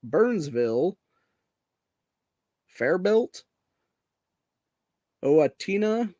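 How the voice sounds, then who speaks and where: A man's voice: sits high, very animated, extremely slow, warm tone, dry recording. A man hosting a casual political commentary show, reading news items aloud, swearing freely and saying "dude" constantly as he gets heated. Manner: profane, says "dude" constantly, grows heated; reads news items aloud while screen sharing. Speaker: podcast host.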